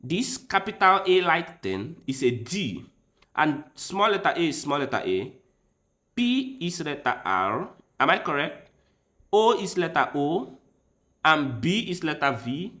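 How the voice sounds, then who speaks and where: A man's voice: a little high, sing-song, a little slow, bright, forceful tone. A man streaming chess live, chatting casually with his audience and thinking aloud as he tries out foreign words.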